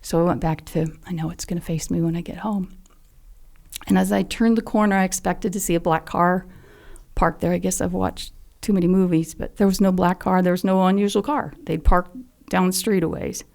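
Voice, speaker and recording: Her fairly low, darkish voice is brisk and steady, marked by vocal fry. An older woman and mother of a fallen SEAL, she appears as a podcast guest telling an earnest, heartfelt story, at moments barely above a whisper.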